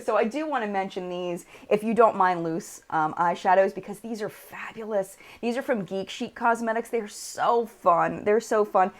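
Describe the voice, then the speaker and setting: An American woman hosting a casual live chat, reading viewer comments aloud and showing makeup on camera. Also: mid-range voice.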